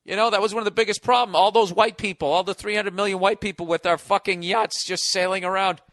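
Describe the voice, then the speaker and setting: American male podcast host, high and bright, biting sarcastic rant full of swearing, dry close sound. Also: steady tone, fast, no room sound. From United States. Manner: sarcastic, profane, mocking. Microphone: studio podcast mic.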